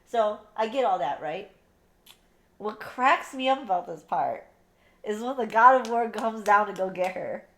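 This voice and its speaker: A woman co-hosting a podcast, giving a blunt, profane, animated book review in casual chat. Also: medium pitch, measured pace. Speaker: podcast co-host.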